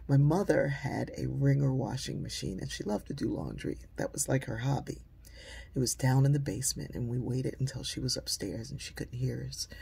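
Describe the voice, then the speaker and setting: Woman storyteller with a deeply husky, breathy voice and a warm, dark tone; conversational delivery that hushes for quoted lines. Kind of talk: personal storytelling.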